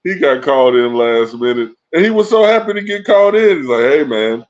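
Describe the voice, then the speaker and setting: A man co-hosting a casual movie-review podcast, laid-back and quick to laugh. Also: a little high, expressive. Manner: laid-back, laughs often, says "bro". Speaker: podcast co-host. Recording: dull lo-fi sound.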